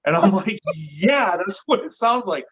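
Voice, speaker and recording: Middle-aged man telling a lively tale. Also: high voice, measured pace, breathy edge. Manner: lively, swearing, acts out the voices he quotes. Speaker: podcast guest. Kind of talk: casual storytelling. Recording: dull lo-fi recording.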